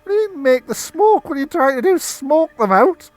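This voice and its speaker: Give me a man playing a shrill police officer in open disbelief. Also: very animated, a little fast, soft background music. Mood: incredulous. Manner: disbelieving, exasperated. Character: incredulous male police officer.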